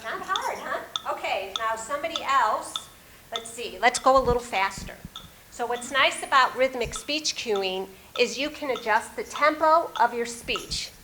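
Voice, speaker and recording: A woman's voice: fairly high pitch, lively intonation, measured pace, bright, forceful tone, slight background noise. A woman in her fifties, a music therapist, giving an upbeat live demonstration talk and coaching a volunteer in front of an audience. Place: presentation room with audience.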